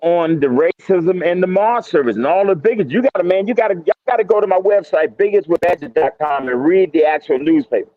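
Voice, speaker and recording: A retired federal marshal tells his story as a guest on a casual interview podcast, speaking in a high voice, a little fast, with hardly any pauses. He is emphatic and repetitive and often restarts sentences, and the recording is dry and slightly dull.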